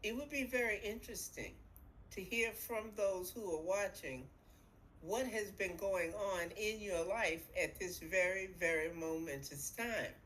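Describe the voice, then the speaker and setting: A woman co-hosting a podcast as an astrologer, explaining in a lively, image-rich way over a video call. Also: medium pitch, a little slow, a little hiss or hum, low-quality recording. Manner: animated storyteller, uses vivid imagery. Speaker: astrologer co-host. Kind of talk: explanatory casual chat.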